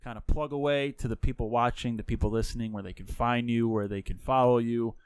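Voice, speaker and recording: A man hosting a podcast in a studio, chatting casually with loose, profane talk and pauses to search for words. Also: mid-range voice, steady tone, clean tone, dry recording. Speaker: podcast host. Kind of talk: casual chat.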